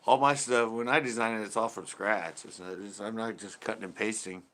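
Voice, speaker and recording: Laid-back guy hosting a chill livestream, kinda tired, chuckles a lot, lowish voice but bright and forward. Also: steady tone, a little fast. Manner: laid-back, chuckles often, trails off mid-sentence. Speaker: channel host reading live chat. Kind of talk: casual livestream chat.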